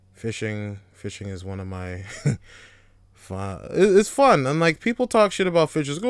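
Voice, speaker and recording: Smooth-voiced laid-back young man podcasting. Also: on the high side, animated, normal speed, no room sound. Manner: laid-back, rambling, frequent swearing and laughs. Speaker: podcast host. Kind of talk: casual solo podcast monologue.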